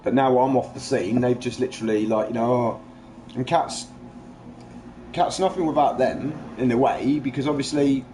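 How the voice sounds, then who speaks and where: A man's voice: mid-range voice, steady tone, moderate pace, warm tone, slight background noise. A man in casual chat, rambling and agitated, swearing freely as he vents. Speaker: livestream host.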